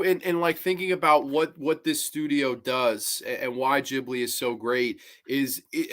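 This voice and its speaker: A man hosting a podcast in casual chat, earnest and emphatic, with frequent restarts. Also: fairly high pitch. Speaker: podcast host.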